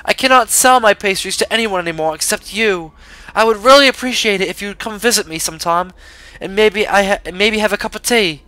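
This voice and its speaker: A man doing a halting, mock-British lady baker. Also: sits high, bright, forceful tone, smooth, no echo, voice pushed up, rough recording. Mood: polite. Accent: attempted British. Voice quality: halting, stumbling reading. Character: polite young woman pastry shop owner.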